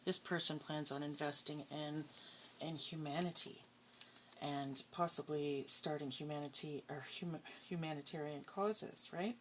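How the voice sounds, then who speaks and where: A woman's voice: low voice, steady tone, measured pace, a bit bright, a little hiss or hum, rough recording. A woman giving a casual tarot reading, blunt, profane and scornful. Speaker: tarot reader.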